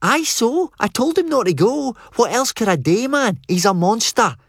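A man's voice: very high-pitched, sing-song, normal speed, creaky, husky, no room sound, clean studio sound, pitched above the performer's own voice, full character voice. A man voicing a frantic teenage boy in an audiobook, pleading and defensive. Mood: panicked. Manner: panicky, pleading.

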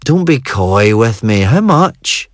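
A man voicing a nosy, needling male friend who prods slowly in an audiobook. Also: lowish voice, sing-song, no room sound, clean studio sound, heavily acted. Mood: prodding.

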